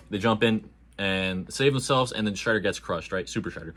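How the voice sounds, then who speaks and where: A man with a fairly low voice reviews a movie in a loose, casual way. He talks with lively energy, full of slang and jokes. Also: fast, hardly any pauses, a little hiss or hum. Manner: animated, slangy and jokey.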